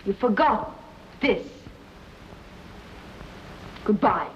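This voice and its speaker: A woman's voice: mid-range voice, animated, extremely slow, a little hiss or hum. An actress playing a proud young woman, cool and haughty toward her suitor, on a dull old film soundtrack.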